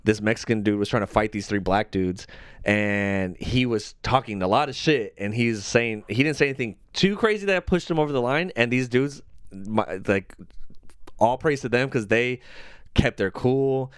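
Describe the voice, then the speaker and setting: A young man co-hosts a podcast in easy, casual chat. His voice sits at an ordinary middle pitch. He tells stories loosely, full of filler words and swearing, and the sound is dry and close. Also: moderate pace, clear, resonant tone, no room sound. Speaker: podcast co-host.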